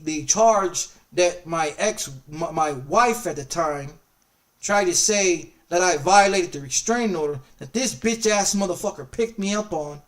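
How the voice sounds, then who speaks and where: A man's voice: sits high, recorded from a distance. Angry, cursing man telling a story. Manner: angry, profane, heavily repetitive. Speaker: streamer. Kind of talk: casual storytelling chat.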